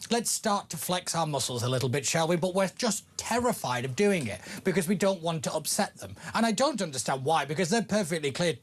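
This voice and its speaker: Male guest, fairly high voice, ranting, emphatic. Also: expressive, fairly quick, few pauses. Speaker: studio guest commentator. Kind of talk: heated opinion talk.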